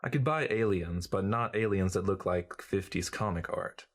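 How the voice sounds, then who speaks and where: Here a deep-voiced man narrates at a normal speed, playing a cynical, glib journalist. His delivery is a breezy, lecturing know-it-all tone throughout the audiobook passage.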